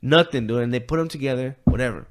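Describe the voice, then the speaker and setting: A co-host on a podcast speaks fast in a mid-range voice while casually retelling a story. He's profane and rambling, dropping filler words and acting out quoted voices.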